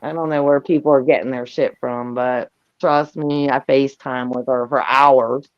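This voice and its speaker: An older woman chatting on a live stream, loud, brash and profane, laughing often. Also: very deep voice, steady tone, normal speed, no echo. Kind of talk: casual chat. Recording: dull lo-fi sound.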